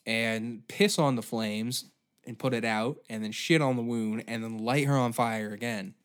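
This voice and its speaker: A man's voice: medium pitch, unhurried. A man hosting a podcast, ranting in a rambling, heavily profane, exaggerated way. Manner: swears constantly, rambling, exaggerated outbursts. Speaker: podcast host. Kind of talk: profane comedic rant.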